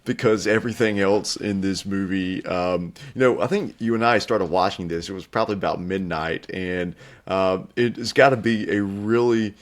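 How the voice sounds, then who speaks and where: A man's voice: low voice, moderate pace. A young man co-hosting a film review show, talking in an easygoing, chatty way. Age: young adult. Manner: easygoing, chatty, light laughs. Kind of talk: casual film review chat.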